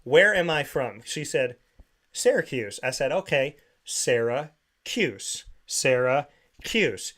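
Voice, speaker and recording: A man's voice: mid-range voice, measured pace. A man hosting a sports talk show, telling a story in casual chat and acting out the voices of the people in it. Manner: animated storyteller, acts out quoted voices. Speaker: show host. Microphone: studio microphone.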